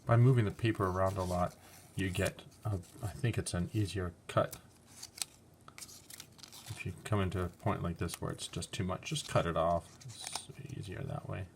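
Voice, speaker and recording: A man's voice: sits low, steady tone, normal speed, slight background noise. A man teaching an online art class in a chatty, encouraging, playful way. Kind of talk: online craft lesson.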